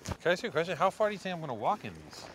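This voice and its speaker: A man's voice: fairly high pitch, wildly swooping pitch, fairly bright tone, slight background noise. A man from Los Angeles, co-hosting a podcast, complaining sarcastically to his friend on an outdoor hike. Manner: exasperated, sarcastic, quick complaints. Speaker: podcast host. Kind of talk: casual chat outdoors.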